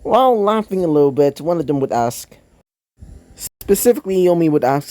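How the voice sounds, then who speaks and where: A man's voice: on the high side, very animated, normal speed, warm tone, dry recording. A man reading his own fan fiction aloud in a casual, rambling way, with many fillers and self-corrections. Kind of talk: casual storytelling narration.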